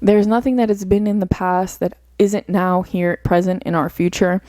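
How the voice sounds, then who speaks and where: Her voice medium-pitched, mellow and fairly even, this young podcast host talks at normal speed with no echo. Alone at the mic, she reflects earnestly and meanders through her ideas, peppering them with "like" and "you know."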